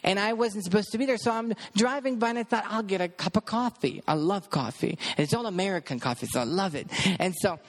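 Male storyteller, fairly high pitch, lively retelling of a faith encounter, plays the other parts himself. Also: quick pace, hardly any pauses. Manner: animated storyteller acting out dialogue. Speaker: ministry worker. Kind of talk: storytelling testimony.

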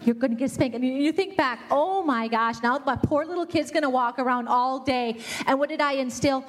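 A woman's voice: high-pitched, normal speed. A middle-aged woman giving a family ministry talk, earnestly acting out what parents and kids say.

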